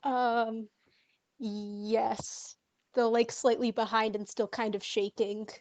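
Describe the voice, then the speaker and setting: A woman's voice: on the high side, level tone, slow pace, a little mellow, no echo. A woman player in a tabletop role-playing game, chatting casually and hesitating as she plans her moves.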